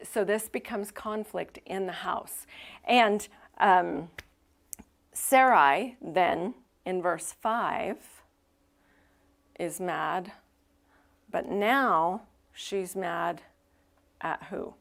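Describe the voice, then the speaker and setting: A woman's voice: on the low side, very slow, vocal fry, long pauses. A woman pastor preaching a sermon in a church, in a casual, conversational way, acting out the people in the story as she tells it. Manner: conversational, animated retelling with acted-out quotes. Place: church sanctuary.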